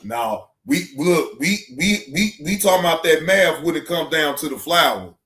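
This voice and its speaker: A man's voice: fairly high pitch, animated, normal speed, fairly bright tone, echoey room. A man hosting a livestream in casual chat, rambling loosely with slang and swearing as he talks to his chat. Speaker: livestream reaction host.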